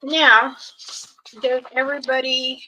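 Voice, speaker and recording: A woman hosting a casual livestream, giving slow, loosely strung warnings and advice to her viewers. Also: high voice, little pitch movement, bright, forceful tone, lo-fi sound. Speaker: livestream host.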